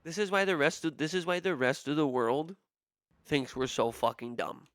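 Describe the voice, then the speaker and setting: A man's voice: on the high side, expressive, normal speed, a bit bright, no room sound, clean studio sound. A young man streamer telling stories in a casual, profane, exasperated rant, mimicking the people he quotes. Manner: profane, exasperated ranting with mock-quoted voices. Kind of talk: casual livestream storytelling rant.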